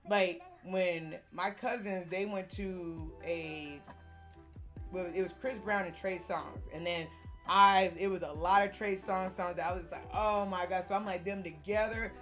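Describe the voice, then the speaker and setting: A young woman vlogger in casual chat, rambling, animated and full of slang and swearing. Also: lowish voice, unhurried, soft background music.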